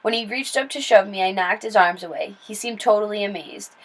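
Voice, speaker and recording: A woman reading a children's novel aloud in steady, plain storytelling with small slips and restarts. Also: mid-range voice, fairly quick, low-quality recording. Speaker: read-aloud narrator.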